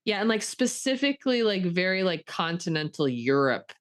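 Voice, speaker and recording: A woman co-hosting a podcast in casual chat, talking in an animated way with plenty of fillers. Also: on the low side, moderate pace. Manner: chatty, animated, many fillers. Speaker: podcast co-host.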